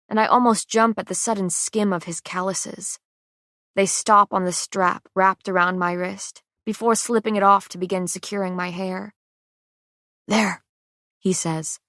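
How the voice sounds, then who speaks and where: A woman's voice: mid-range voice, a bit bright, dry recording, clean studio sound. Woman narrating a fantasy audiobook. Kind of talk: scripted first-person audiobook narration.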